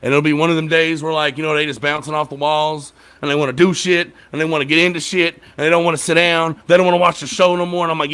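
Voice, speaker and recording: Bright-voiced man telling loose stories. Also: on the high side, little pitch movement, fast, hardly any pauses, smooth. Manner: loose, profane storytelling. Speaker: podcast host. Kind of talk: casual chat.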